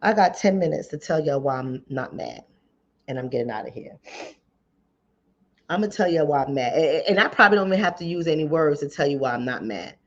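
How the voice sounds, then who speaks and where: A woman's voice: sits low, expressive, fairly quick, lo-fi sound. A woman relationship coach, giving emphatic, repetitive commentary straight to her viewers. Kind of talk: casual commentary to camera.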